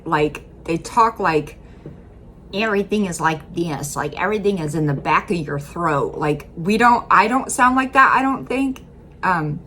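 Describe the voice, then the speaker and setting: Low-voiced rambling Midwestern woman vlogger. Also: a bit bright, a little hiss or hum. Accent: Midwestern American. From central Illinois, USA. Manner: rambling, full of ums and likes. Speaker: YouTuber. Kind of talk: casual reaction commentary.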